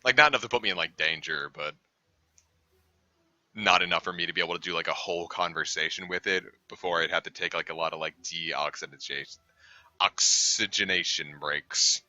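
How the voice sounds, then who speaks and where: A man's voice: low voice, brisk, sharp tone, dry recording. A young man casually chatting on a game stream, rambling with lots of fillers. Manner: rambling, filler-heavy talk. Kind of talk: casual live-stream chat. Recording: dull lo-fi dry home mic.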